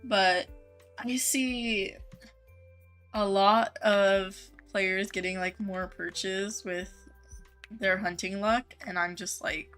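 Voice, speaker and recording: Over soft background music, a female streamer reads chat messages and talks casually with viewers in a medium-pitched, fairly even, slow, slightly bright voice. Her chatter is full of "like" and "um," with easy laughter throughout.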